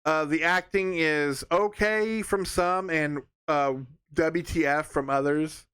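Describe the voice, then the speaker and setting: A young man talks through a film review in a loose, rambling way, full of fillers and false starts. His voice sits a little high for a man and sounds smooth and clear. The recording is dry and close, with no room sound. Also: slow pace, a bit bright, no room sound. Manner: rambling, sarcastic, lots of fillers and restarts. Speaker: movie reviewer. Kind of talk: casual spoken film review.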